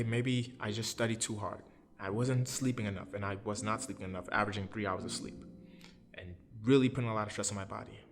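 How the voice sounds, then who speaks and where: Man in his thirties telling his story. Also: medium pitch. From Brooklyn, New York. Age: 30s. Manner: earnest, recounts events step by step, often acts out other people's words. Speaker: interview guest. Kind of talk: personal storytelling.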